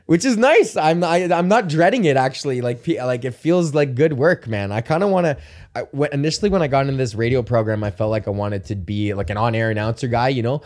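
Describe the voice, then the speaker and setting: Rambling casually through his solo podcast, this young man from Canada swears heavily and laughs a lot. He speaks briskly in a mid-range, slightly mellow voice with lively intonation.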